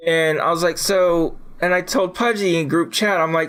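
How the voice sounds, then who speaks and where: A man co-hosting a podcast, chatting casually and acting out his own retorts in a lively way. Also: a little high, moderate pace, smooth. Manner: animated storyteller who acts out his own retorts. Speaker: podcast co-host.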